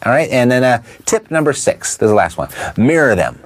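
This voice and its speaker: A man coaching listeners in an instructional talk, stressing his points and asking quick rhetorical questions. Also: mid-range voice, sing-song. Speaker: real estate investing coach.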